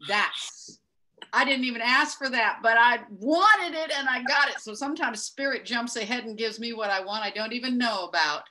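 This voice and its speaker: A woman guest on a live stream, a psychic reader who speaks in an earnest, warm way. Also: fairly high pitch, normal speed, slight background noise. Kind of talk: casual live-stream chat.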